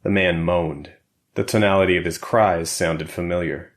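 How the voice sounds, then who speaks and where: A man narrating an audiobook in a steady, even reading. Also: deep voice, normal speed. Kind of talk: scripted narration.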